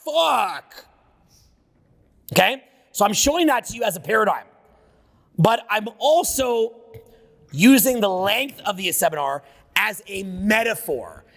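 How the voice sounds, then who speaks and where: A man's voice: high voice, expressive, moderate pace, a bit bright, in a large hall. A man giving a live seminar talk, brash and profane, riffing off the cuff. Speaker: seminar speaker. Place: seminar room with an audience.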